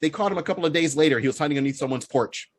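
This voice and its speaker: Husky high man telling stories. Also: racing. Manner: laughing, excitable storyteller. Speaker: podcast co-host. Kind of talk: casual storytelling chat.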